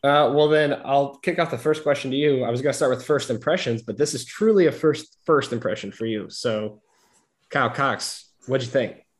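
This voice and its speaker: A man's voice: mid-range voice, normal speed. A young man hosting a casual movie discussion, chatty and rambling as he leads the talk. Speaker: podcast host. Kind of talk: casual chat.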